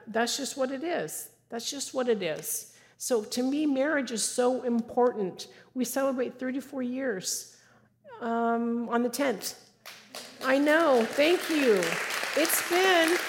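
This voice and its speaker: A middle-aged woman preaches slowly and earnestly, urging her listeners on and circling back to key phrases. Her voice sits a little high. A long reverb from the church hall trails each phrase. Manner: earnest, exhorting; repeats phrases for emphasis. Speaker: women's speaker. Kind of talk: sermon. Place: church sanctuary.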